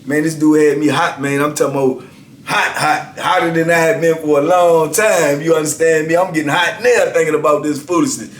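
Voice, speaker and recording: A man in his fifties telling a story casually, animated and emphatic, often checking in with the listener. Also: fairly high pitch, a little fast, a little hiss or hum. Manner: animated, emphatic, repeats "you know what I'm saying". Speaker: storyteller host. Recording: roomy echo.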